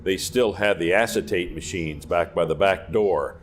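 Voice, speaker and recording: An older man co-hosting an interview, reacting and reminiscing in a relaxed, casual way. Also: low voice, normal speed, slight background noise. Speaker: co-host. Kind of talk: casual chat.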